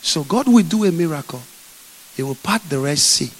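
A man preaching a sermon, telling a Bible story with lively acting. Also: a little high, normal speed, slight background noise. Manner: animated storytelling, acting out scenes. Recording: echoey hall.

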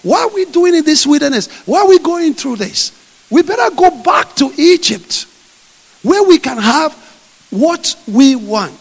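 Brief: a preacher acting out complaining Israelites, high, shouting and whining, echo of a big hall. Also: male voice, wildly swooping pitch, moderate pace, hardly any pauses, heavily acted. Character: crowd of complaining wandering Israelites, whiny. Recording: echoey hall.

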